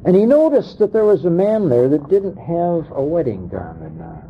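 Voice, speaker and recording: A man preaching a sermon, dramatic, acting out quoted voices with sharp swings in pitch and pace. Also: big pitch swings, moderate pace, a little hiss or hum. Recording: dull lo-fi sound.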